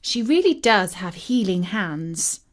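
A woman's voice: mid-range voice, very animated, slow. A woman doing a weary, drained mother. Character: tired middle-aged mother, weary.

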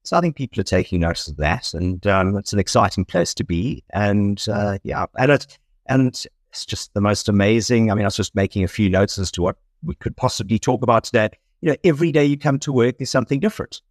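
South African fund manager, dry close sound. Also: male voice, on the low side, brisk, dry recording. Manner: rambling, self-correcting, laughs easily. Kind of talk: conversational interview.

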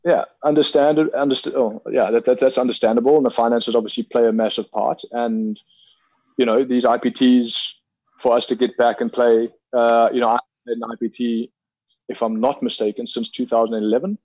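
A man in his thirties from South Africa, a hockey player being interviewed, talking in a measured, reflective way with many ums and restarts. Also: mid-range voice, little pitch movement, a little mellow, dry recording, lo-fi sound. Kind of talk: casual interview conversation.

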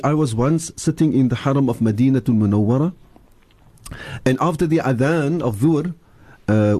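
A man's voice: fairly high pitch, warm tone. An older man, a sheikh on a religious radio show, who preaches and leads chanting. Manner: preacherly, switching into Afrikaans and leading chanted dhikr.

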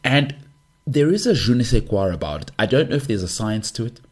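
A man's voice: medium pitch, very animated, brisk, husky. A man, a podcast host rambling through a casual monologue full of jokey asides. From South Africa.

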